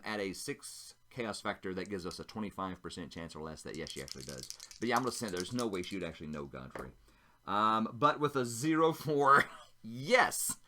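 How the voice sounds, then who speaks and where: A man's voice: fairly low pitch, sharp tone. A man narrating a solo tabletop role-playing game, chatting casually and thinking aloud as he rolls dice.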